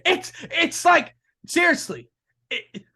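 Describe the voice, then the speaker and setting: A man co-hosting a casual wrestling talk show, excitable and gushing, quick to laugh. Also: extremely high pitch, creaky. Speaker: co-host.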